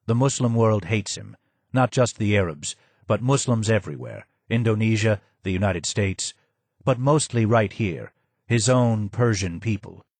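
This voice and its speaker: A man voicing a bitter, ailing old Persian man who speaks hoarsely and forcefully. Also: on the low side, lively intonation, measured pace, dry recording.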